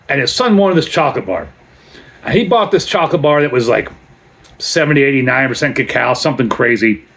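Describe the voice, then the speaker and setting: A man with a slightly high voice talks through a beer tasting in a relaxed vlog. He rambles and digresses into long stories, chatty and unhurried, before coming back to the beer. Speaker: beer reviewer. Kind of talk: casual beer review vlog.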